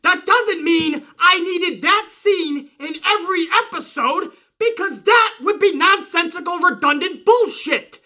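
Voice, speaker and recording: A man hosting his own channel, giving a casual, profane review, emphatic and jumping up in pitch when worked up. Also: animated, measured pace, few pauses, pushed and bright. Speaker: wrestling show reviewer, channel host.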